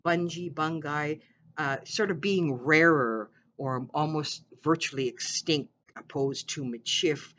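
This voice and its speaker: Earnest host, slow and halting. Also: medium pitch, a bit bright, slight background noise. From Manitoba, Canada. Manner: earnest, halting, with frequent "uh" and "again". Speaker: podcast host. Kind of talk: casual spoken commentary.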